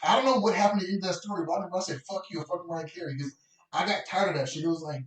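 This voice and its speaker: A man telling a story at a fast clip, swearing freely and getting louder as he goes. His voice sits a little high and sounds set back from the mic in an echoey room. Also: far from the mic. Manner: animated, profane, rising pitch when worked up. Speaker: podcast co-host. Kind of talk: casual storytelling chat.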